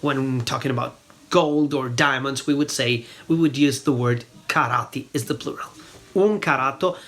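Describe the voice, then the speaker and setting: A man's voice: medium pitch, normal speed, a bit bright. A man from northern Italy with a northern Italian accent, a native Italian speaker, teaching Italian in English and patiently repeating words to show how they are said. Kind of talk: explanatory language lesson.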